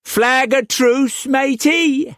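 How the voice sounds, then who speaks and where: A brash pirate captain in his thirties drawls and croons every word, slow and cocky. The voice sits high above the reader's own. The recording is dry and close. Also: a bit bright, no room sound, full character voice. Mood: hailing. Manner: slow, drawling, sing-song calls.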